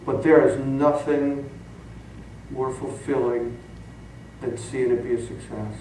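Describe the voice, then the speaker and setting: Preaching in a church sanctuary, this middle-aged pastor is an animated storyteller who laughs through his tales. His mid-range voice comes at a slow pace over slight background noise, captured from a distance in the echoing hall.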